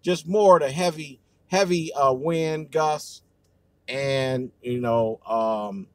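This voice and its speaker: Brief: male livestream host, mid pitch, AAVE speech, rambling and cussing, dry close sound. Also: slow pace, darkish tone, no room sound. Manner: loose, profane, rambling with many fillers. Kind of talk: casual livestream talk.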